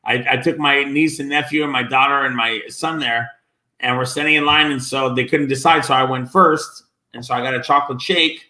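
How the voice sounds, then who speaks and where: A man's voice: mid-range voice, fairly even intonation, brisk, pushed and bright. A man telling meandering stories in casual conversation, loose and profane, often losing his thread. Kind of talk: rambling casual chat. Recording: echoey room.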